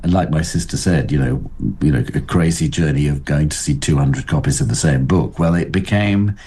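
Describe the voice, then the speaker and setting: An older man speaking as an interview guest, thoughtful and halting, with frequent restarts. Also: extremely low pitch, dark tone, slightly rough. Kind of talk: reflective interview talk.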